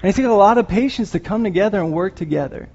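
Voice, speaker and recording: A man's voice: high voice, animated, fast talker, darkish tone, slightly rough. A man giving an earnest, emotional sermon, rambling at times with restarts and apologies. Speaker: lay preacher. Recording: dull lo-fi recording.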